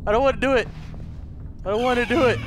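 Talking fast in a very high voice, a man comments on the horror game he's playing, cursing and shrieking whenever something startles him. Horror game music and other noise fill the background of this let's-play video.

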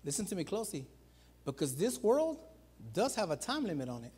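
This husky male preacher speaks fairly quickly, animatedly addressing the congregation. His delivery shifts from loud calls to hushed emphasis, and he keeps saying "guys" and "watch this."

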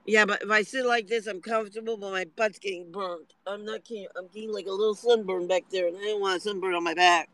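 Guy with a really high voice whining and ranting from his car on a phone stream, dry and close. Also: fairly even intonation, brisk, a bit bright, no echo, low-quality recording. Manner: aggrieved, complaining, swings into tearful outbursts. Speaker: livestreamer. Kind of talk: rambling livestream monologue. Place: parked car in hot sun.

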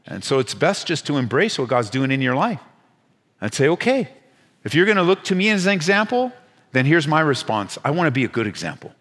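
Pastor preaching in a reverberant church. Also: male voice, sing-song, fast. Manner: earnest preaching that swings between emphatic rises and hushed, low asides. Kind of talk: sermon. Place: church sanctuary. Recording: church hall with long reverb.

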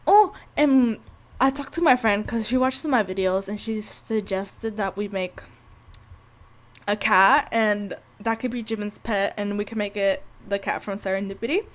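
A young woman giving casual, profane, excitable commentary over a life-sim game, scolding the characters as she plays. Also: medium pitch, a little slow. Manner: profane, excitable, talks to the sims. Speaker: gameplay commentator. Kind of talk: casual let's-play commentary.

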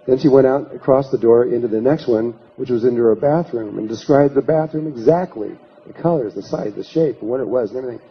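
A man's voice: mid-range voice, fast talker, few pauses, slight background noise. A man lecturing to an audience, telling an anecdote and retelling what people said in his own voice. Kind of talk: storytelling lecture. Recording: slightly muffled lecture recording.

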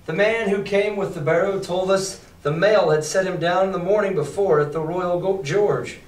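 A male teacher reads a novel aloud to his class and stops to explain it, putting the story into casual, chatty slang. His voice sits a little high. It sounds roomy and distant, as if recorded from the back of the classroom. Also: moderate pace. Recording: roomy classroom, mic far off.

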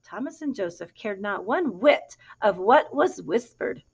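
A woman reading a picture book aloud to a child in an animated, expressive way, pausing to ask questions. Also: medium pitch, slightly rough. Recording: dull lo-fi recording.

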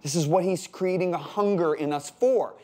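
A man in his sixties from the United States, teaching a sermon with animated emphasis, repeated words and jokey asides. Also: a little high, moderate pace. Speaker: pastor. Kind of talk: sermon-style Bible teaching.

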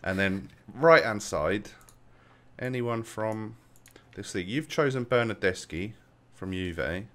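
A man hosting a casual gaming video, playful and quick to laugh as he chats with his guest. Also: lowish voice, a bit bright. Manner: playful, laughs often, brisk. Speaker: host.

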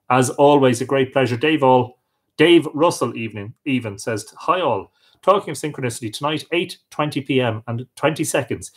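An Irish man hosting a live stream, chatting casually as he reads out and answers viewer comments, with frequent hesitations. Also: mid-range voice. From Ireland. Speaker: livestream host.

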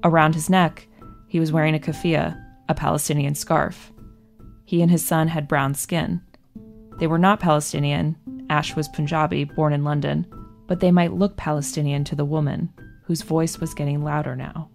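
A woman reads a scripted news narrative in a calm, measured way. Her voice sits low with a gravelly fry to it. Soft music plays faintly beneath her.

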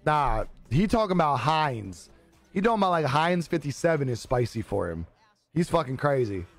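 A man's voice: on the high side, big pitch swings, normal speed, dry recording. Laughing, swearing young male streamer. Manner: laid-back, joking, swears a lot, laughs often. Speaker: live streamer. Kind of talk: casual live-stream chat reading viewer comments. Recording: dry close-mic with faint music behind.

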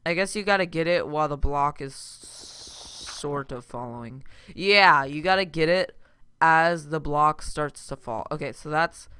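A man hosting a gaming channel, rambling through casual let's-play commentary with sudden loud outbursts. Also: fairly high pitch, measured pace, clear, resonant tone.

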